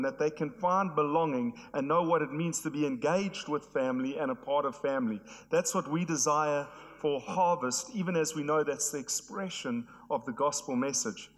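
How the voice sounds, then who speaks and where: A hoarse man, preaching an earnest sermon to his church. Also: a little high, a bit bright. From South Africa. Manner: earnest, repetitive emphatic phrasing. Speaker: pastor. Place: church hall. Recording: long hall reverb.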